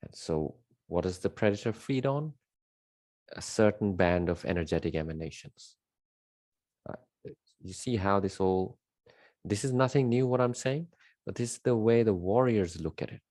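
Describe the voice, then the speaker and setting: A man with a very low, deep voice talks through an unscripted spiritual monologue. He leans hard on key words and repeats them, rambling along with fillers. The sound is dry and close, with no room echo. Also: lively intonation, moderate pace, pauses often, darkish tone. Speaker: spiritual teacher.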